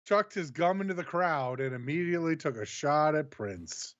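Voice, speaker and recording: A man's voice: a little high, lively intonation, normal speed, no room sound, dull audio. A man co-hosting a wrestling review, easily amused and laughing often as he teases his partner. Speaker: wrestling show co-host. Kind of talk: casual podcast banter.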